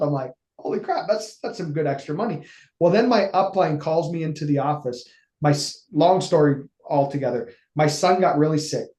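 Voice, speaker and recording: A man, telling a long personal story in a casual interview and acting out the dialogue. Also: on the high side. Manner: animated, acts out quoted dialogue. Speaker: interview guest, financial services executive. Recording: echoey room.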